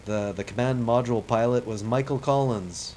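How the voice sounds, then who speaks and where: A man's voice: medium pitch, normal speed, a little mellow, slight background noise, poor audio. A man streaming a space-flight game, giving rambling, chatty, self-deprecating commentary as he plays. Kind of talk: casual commentary while playing a space sim.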